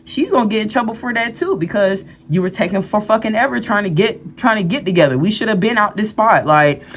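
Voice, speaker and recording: A woman's voice: medium pitch, animated, fairly quick, slight background noise. A woman telling a true story to the camera in a candid, rambling way, with fillers and restarts. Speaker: storyteller vlogger. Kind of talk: storytime vlog.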